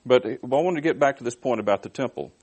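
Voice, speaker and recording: In expository Bible teaching, a man reads verses aloud and then explains them in plain, conversational language, with restarts and asides. His mid-range voice is fast and darkish, with a breathy edge.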